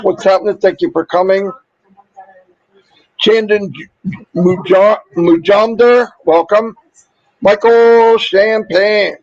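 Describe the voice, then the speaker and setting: A man hosting a casual livestream, upbeat and chatty, rattling off viewer shout-outs while losing his voice. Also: high-pitched, no echo, muffled recording. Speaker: livestream host.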